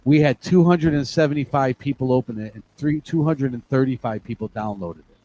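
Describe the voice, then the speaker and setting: A man's voice: mid-range voice, a little fast, dark tone, slight background noise, rough recording. A middle-aged man, a DJ and remixer, chatting casually and telling stories with a bit of swearing and frequent check-ins. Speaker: DJ and remixer guest. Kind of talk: casual chat.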